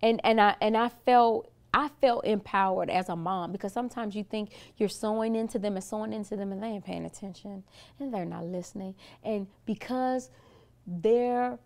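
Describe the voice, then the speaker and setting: Middle-aged woman, pastor guest, earnest storyteller, some vocal fry. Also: medium pitch, moderate pace. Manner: earnest, storytelling, frequent restarts. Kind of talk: casual interview talk.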